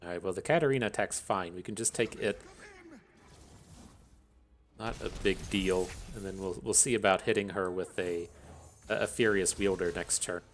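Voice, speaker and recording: Low-voiced man casually commentating his game. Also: moderate pace, pauses often, faint music behind. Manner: swears freely, thinks aloud, laughs and grumbles. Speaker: gameplay commentator.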